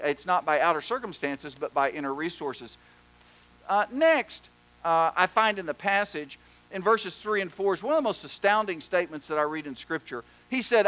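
Pastor preaching, kinda high voice, tells stories and does little character voices. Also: male voice, normal speed, low-quality recording. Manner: storytelling, animated joke voices. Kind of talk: sermon.

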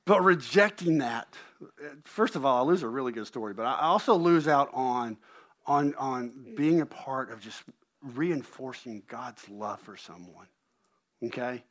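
A middle-aged man preaching a sermon as pastor, an animated storyteller who pokes fun at himself and repeats words when he gets going. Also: medium pitch, measured pace. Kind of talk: sermon with personal stories.

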